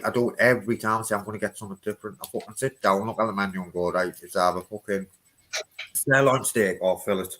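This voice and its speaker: A man, swearing constantly and bantering loudly as a guest on a casual live stream. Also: lowish voice, fast talker, low-quality recording. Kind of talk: casual chat.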